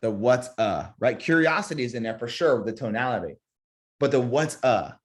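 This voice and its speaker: A man teaching real estate agents in a live webinar, energetic, repeating key phrases and acting out sample sales calls. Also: mid-range voice, brisk.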